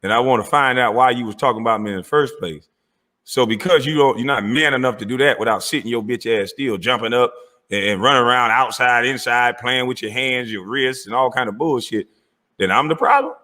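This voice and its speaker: A man's voice: medium pitch, fairly quick, bright, forceful tone, in a large hall. A man giving heated commentary on video clips, indignant, mocking and profane.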